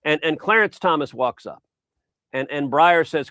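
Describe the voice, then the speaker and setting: A man's voice: on the high side, moderate pace, pushed and bright, no room sound. A middle-aged man, a senator as interview guest, who often repeats his opening words and tells an anecdote.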